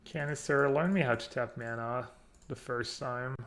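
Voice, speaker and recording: A man streaming a card game, chatting casually and thinking out loud while poking fun at himself. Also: mid-range voice, moderate pace, vocal fry. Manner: chatty, self-mocking, thinks aloud. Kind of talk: casual live-stream commentary.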